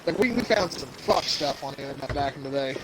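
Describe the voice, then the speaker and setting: A young male podcast host with a mid-range, expressive voice talks fast, rambling through crude stories in casual banter. He puts on silly voices as he goes and laughs a lot, all over a noisy background.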